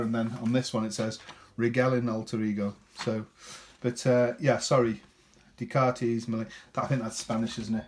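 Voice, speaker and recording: Man, casual unboxing commentary, rambling, tag questions, mid-pitched voice, faint background clicks. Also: a little hiss or hum. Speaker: board game unboxing presenter.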